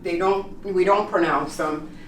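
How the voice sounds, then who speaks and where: A woman teaching an English pronunciation lesson, patiently saying example words slowly and repeating them. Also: fairly low pitch, fairly even intonation, fairly bright tone, a little hiss or hum. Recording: echoey room, mic at a distance.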